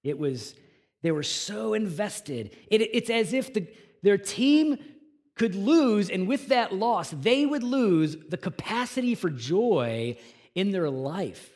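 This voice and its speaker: A man preaching a sermon to his congregation, earnest and conversational, swinging between quiet reflective passages and emphatic raised lines. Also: high-pitched, sing-song, takes it slowly. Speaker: pastor.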